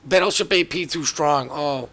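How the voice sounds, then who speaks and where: Gravelly bright-voiced man commentating a game. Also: fairly high pitch, moderate pace. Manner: joking, chatty, self-mocking. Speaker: gameplay commentator.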